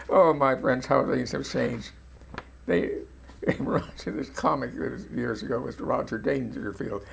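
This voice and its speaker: Gravelly older man, folksy commentary. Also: mid-range voice. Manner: folksy, addresses viewers as friends, frequent restarts. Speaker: video commentator. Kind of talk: informal video commentary.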